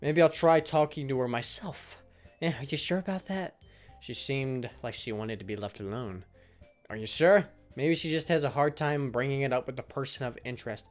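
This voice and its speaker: Brief: man voicing a calm game club president, polite, quiet, measured, faint music behind. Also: medium pitch, natural voice. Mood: gentle.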